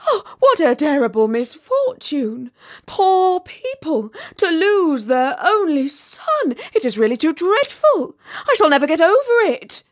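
Brief: woman voicing a self-important storybook rocket, pompous and tearful, theatrical and unhurried. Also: mid-range voice, a little mellow, natural voice. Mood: melodramatic. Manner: melodramatic, wailing, self-important. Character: pompous self-pitying male firework rocket.

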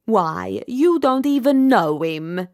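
A woman voicing a blunt, practical Roman candle firework in a storybook reading, in a gruff, matter-of-fact manner. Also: a little high, animated, slow, darkish tone, no echo, clean studio sound.

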